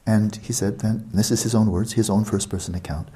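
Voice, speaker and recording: Male meditation teacher, lower register, mellow and relaxed tone; expansive, explanatory retreat-talk delivery with repetition and asides. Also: a little fast. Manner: expansive, explanatory, repeats words for emphasis; conversational asides to listeners.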